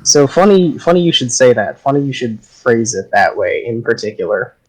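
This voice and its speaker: A man acting as game master for an online tabletop game. He narrates with dry, descriptive asides in a middle-pitched voice over voice chat. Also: sing-song, normal speed, breathy edge, rough recording.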